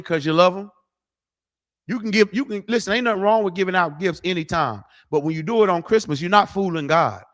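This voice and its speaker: A man's voice: a little high, fairly bright tone. A middle-aged man preaching, blunt, profane and conversational, livestreaming to viewers. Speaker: street preacher.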